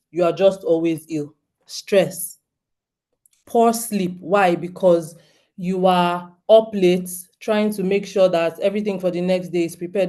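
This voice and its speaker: A woman's voice: medium pitch, dark tone. A Nigerian woman in her thirties speaks to a group of homeschooling parents. She is earnest and direct, and she keeps turning to her listeners with questions. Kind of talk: talk to parents.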